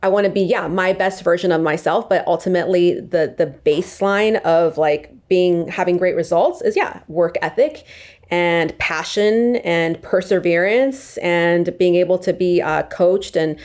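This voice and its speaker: A woman's voice: fairly low pitch, measured pace, darkish tone. A young woman, a podcast guest, talking casually and packing her speech with "like" and "um". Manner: chatty, heavy "like" and "um" fillers. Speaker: podcast guest, sales rep.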